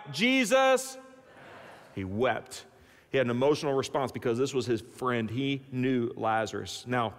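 A man preaching a sermon as pastor, telling the story in an animated, folksy way with humorous asides. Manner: animated storytelling with big swings in pitch and loudness. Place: church sanctuary. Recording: long church-hall reverb.

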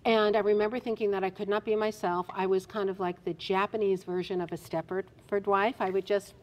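A middle-aged woman from New Jersey, telling stories as an interview guest in an animated, emphatic way. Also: medium pitch, fairly quick. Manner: animated storyteller, expressive and emphatic. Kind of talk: casual interview chat.

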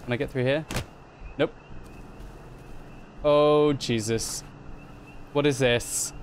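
A man commenting chattily as he plays a video game, excitably narrating each of his own moves. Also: medium pitch, slow pace, slight background noise. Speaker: gaming video host. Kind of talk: let's play commentary.

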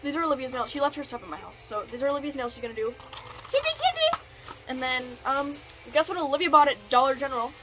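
A woman's voice: high voice, rapid-fire, few pauses, over music. A young woman vlogging casually from home while sick, rambling and correcting herself as she talks. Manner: rambling, self-correcting, filler-heavy. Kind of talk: casual vlog chat.

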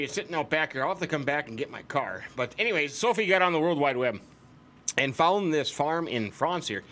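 A man's voice: on the high side, pushed and bright. A man hosting a farming game let's play, chatting in a goofy, rambling way and repeating words for fun. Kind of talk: casual gameplay commentary.

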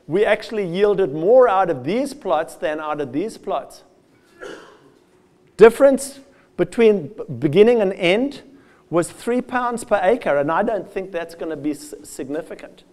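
Man presenting to farmers, lively conversational manner, high voice, self-deprecating asides. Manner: animated, conversational, addresses farmers directly. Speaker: soil health speaker. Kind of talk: field day presentation with slides.

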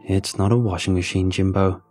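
A man voicing a proud, eager inventor father, coaxing and a bit raised in pitch. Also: steady tone, moderate pace, darkish tone, faint music behind.

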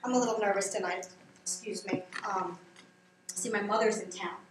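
A woman delivers a chatty, teasing stand-up monologue in a small theater, joking with the crowd in a mid-range voice with a steady tone and moderate pace. Background noise is present, and the live room sounds roomy with the audience audible.

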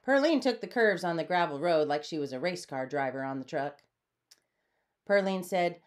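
A woman reading a storybook aloud in a lively way, changing her voice for the characters. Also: fairly low pitch, normal speed. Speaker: storybook reader. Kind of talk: read-aloud storybook narration.

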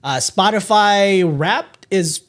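A man's voice: high-pitched, slow pace, fairly bright tone. A man co-hosting a podcast, chatting casually and joking playfully. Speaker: podcast co-host.

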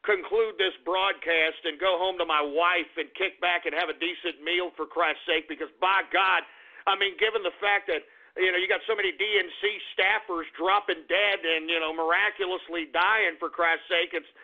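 A man's voice: sits high, steady tone, normal speed. An actor playing a furious, paranoid male conspiracy radio host who sputters, swears and repeats himself on a comedy radio show. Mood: indignant ranting. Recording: tinny phone-like radio audio.

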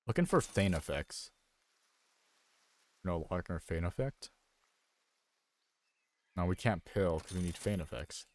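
Streaming a video game live, a young man speaks into a desk mic in a low, deep, animated voice, a little slowly and with long pauses. His commentary is loose and rambling as he thinks out loud and mocks his own mistakes.

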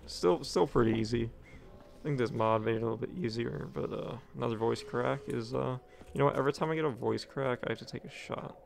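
A man's voice: medium pitch, fairly even intonation, brisk, vocal fry. A young man giving casual, profane commentary as he plays a video game, talking offhand to himself. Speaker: gaming commentator.

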